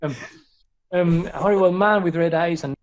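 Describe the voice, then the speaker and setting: A young man with a high voice reads fan fiction aloud for laughs at a normal speed, commenting dramatically and frequently dissolving into giggles. A little hiss or hum runs under the recording.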